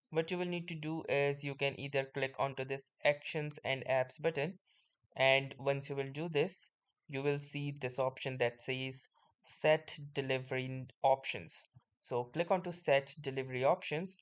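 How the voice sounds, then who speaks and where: A man narrates a screen-recorded software tutorial in a steady, explanatory way. His voice is smooth and clear, sitting at an ordinary middle pitch, and he starts many sentences with "so". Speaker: tutorial host.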